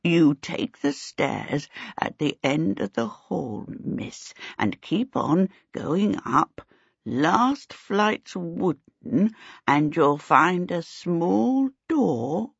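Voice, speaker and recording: A woman voicing a slow, doddering elderly male servant in a storybook reading, in a dull lo-fi recording. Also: fairly low pitch, sing-song, gravelly, breathy edge, no echo, exaggerated voice. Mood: fretful, slow. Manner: slow, drawling and unhurried.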